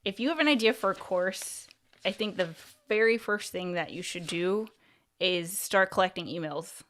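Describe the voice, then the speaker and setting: This woman, a YouTube coach and livestream host, speaks at medium pitch and normal speed with a fairly bright tone, and there is slight background noise. She gives casual advice in a chatty way, leaning on "like" and "you know," restarting her ideas and repeating words mid-thought.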